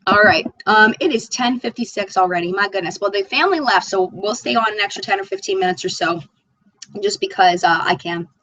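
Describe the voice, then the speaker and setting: A woman's voice: medium pitch, brisk, a bit bright, dry recording, rough recording. A woman hosting a live makeup chat stream, reading viewer comments aloud and gushing over them. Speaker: beauty channel host.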